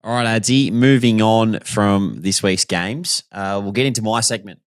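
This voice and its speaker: A man with an Australian accent co-hosting a casual chat, relaxed and matey, laughing easily. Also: on the low side, moderate pace, no room sound, studio quality. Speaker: podcast co-host and footballer.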